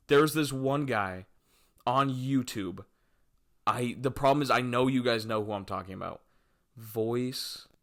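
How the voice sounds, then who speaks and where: A man's voice: medium pitch, a bit bright. A man in his twenties hosting a solo podcast, talking casually in a rambling, jokey way and swearing freely as he drifts between topics. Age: 20s. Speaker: podcast host.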